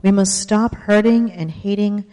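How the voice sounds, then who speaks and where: A woman voicing a scarred young village girl who is calm and earnest as she pleads for peace. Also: mid-range voice, a little slow, voice pushed up, natural voice. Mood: firm. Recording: long hall reverb.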